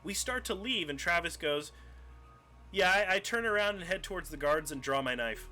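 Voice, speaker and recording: Young man, live streamer, casual storytelling, animated, slightly high voice. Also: a little fast. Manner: animated, profane, acts out scenes. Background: faint music.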